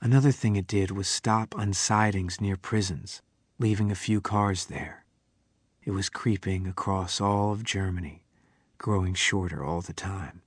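Low husky male audiobook narrator. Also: steady tone, no room sound. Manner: measured, dropping to a whisper at quiet passages. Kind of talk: scripted narration of a novel.

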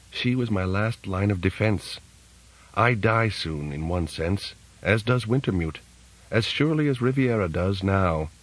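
A man voicing a calm, all-knowing AI that appears as a boy, speaking softly and persuasively in an audiobook. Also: deep voice, poor audio. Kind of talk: audiobook character reading.

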